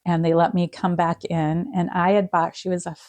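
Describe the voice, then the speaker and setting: A middle-aged woman, a podcast guest, quietly telling an emotional personal story with many pauses and fillers. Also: lowish voice, little pitch movement, dry recording.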